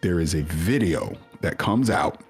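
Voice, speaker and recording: Animated husky-voiced man telling a story. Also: unhurried, soft background music. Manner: animated storyteller, acts out quoted voices at much higher pitch. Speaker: podcast guest. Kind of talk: storytelling in casual chat.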